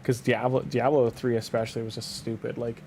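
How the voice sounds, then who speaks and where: A man's voice: mid-range voice, flat delivery, fairly quick, darkish tone, slight background noise. A young Canadian man with a Canadian accent, chatting casually on a game stream, rambling and restarting his sentences as he goes. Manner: rambling, leans on "like", frequent restarts. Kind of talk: casual live-stream chat.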